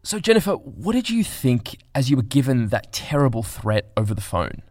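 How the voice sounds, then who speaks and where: A man hosting a news podcast, reading scripted narration in a measured, grave way. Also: mid-range voice, sing-song, a little mellow, faint music behind. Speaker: podcast host.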